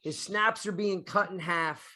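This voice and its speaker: A man's voice: high voice, steady tone, unhurried, a crowd in the background. A man hosting a casual sports podcast, talking in a rambling way with many restarts. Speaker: podcast host.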